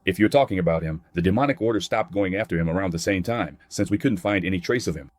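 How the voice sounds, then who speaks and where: A man's voice: sits low, fast talker. A man narrating a comic recap in a plain scripted read, voicing characters' quotes in his own voice.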